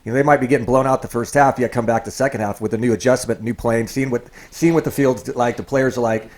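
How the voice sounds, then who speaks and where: A man's voice: mid-range voice, fairly even intonation, fast, darkish tone. A man co-hosting a casual chat, rambling and repeating words as he explains. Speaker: podcast host.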